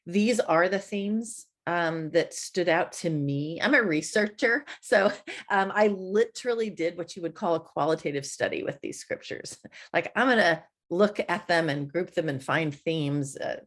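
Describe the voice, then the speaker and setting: A woman preaching a conversational sermon, chatty and quick to laugh. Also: fairly low pitch. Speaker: church speaker.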